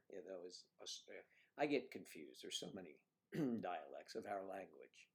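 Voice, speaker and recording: A man's voice: low voice, a little fast, a little mellow. A man hosting a livestream, chatting casually and rambling as he reads out viewer comments. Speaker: livestream host.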